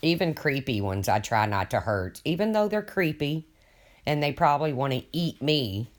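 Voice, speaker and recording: Older guy rambling on his stream, folksy, cusses a lot, reads chat out loud. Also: fairly high pitch, sing-song, normal speed. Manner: rambling, folksy, swears casually. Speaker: livestream host. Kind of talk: casual livestream chat, reading viewer comments.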